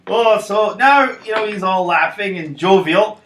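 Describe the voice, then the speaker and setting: A man's voice: high voice, a little slow, few pauses, fairly bright tone, reverberant, a little hiss or hum, low-quality recording. A man telling a comic monologue to camera in a rambling, playful way, acting out scenes. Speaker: comedy vlogger.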